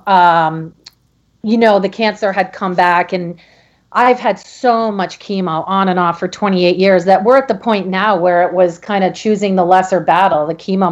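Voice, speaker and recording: Woman guest, halting storyteller, muffled lo-fi remote line. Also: mid-range voice. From Connecticut. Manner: halting, many restarts and fillers. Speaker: podcast guest. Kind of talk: emotional personal story.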